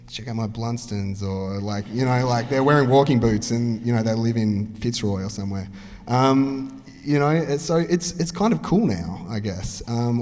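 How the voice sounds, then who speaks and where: A man's voice: medium pitch, darkish tone. A man with an Australian accent on a discussion panel, talking in a rambling way with many fillers. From Tasmania. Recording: reverberant hall.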